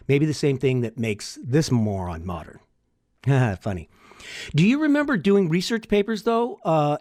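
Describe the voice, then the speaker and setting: A man's voice: medium pitch, a little mellow, no room sound, studio quality. Wry, rambling older man. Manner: chatty, wry, rambling asides. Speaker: podcast host. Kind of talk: solo podcast monologue.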